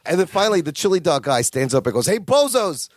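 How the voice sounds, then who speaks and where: A podcast co-host retells a sitcom scene in a casual chat. The pitch swings widely as the host voices the characters. The sound is close and dry. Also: racing, dry recording. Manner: expressive storytelling with sighs of sympathy and laughter.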